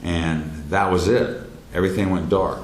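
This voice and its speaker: A man telling a personal story in a halting way, full of fillers and restarts, with loud quoted lines. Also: low-pitched, fairly even intonation. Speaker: speaker telling his near-death experience. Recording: roomy echo, faint background noise.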